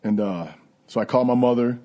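A man's voice: medium pitch, fairly quick, mellow. A man giving a candid, conversational personal recovery testimony. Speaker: recovery speaker.

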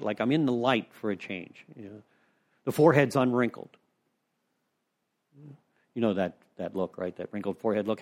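A man leading a recovery step study, telling rambling conversational stories to a group in a meeting room. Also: medium pitch. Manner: rambling, conversational storytelling with frequent "you know". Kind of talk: informal recovery talk to a group.

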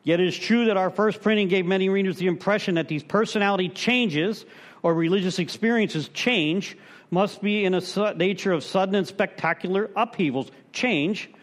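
A man's voice: high-pitched, brisk. A man speaking to a recovery group, reading from the text and breaking in with his own comments, often checking that the room is with him. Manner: conversational, asks the room for agreement; animated storytelling.

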